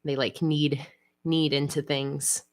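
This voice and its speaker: A woman hosting a casual livestream, chatting in a relaxed way with frequent fillers. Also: low-pitched, slow pace. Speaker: livestream host. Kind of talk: casual livestream chat while planning.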